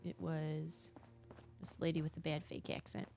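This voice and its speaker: A woman's voice: deep voice, little pitch movement, moderate pace, vocal fry, darkish tone, faint music behind. A woman streaming a game, chatting casually in a musing, easily fascinated way. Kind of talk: casual live-stream chat while gaming.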